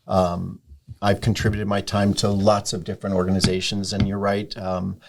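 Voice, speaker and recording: Relaxed, low-voiced restaurateur telling stories. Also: male voice, moderate pace, vocal fry. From Sarasota, Florida. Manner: relaxed storyteller, many ums. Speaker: restaurant owner, podcast guest. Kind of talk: casual interview chat.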